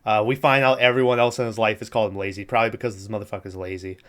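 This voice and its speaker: Podcast co-host, male, smooth clear voice, rambling casual movie recap with frequent laughs. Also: lowish voice, flat delivery, rapid-fire, a bit bright. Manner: rambling, laughs often, acts out quotes.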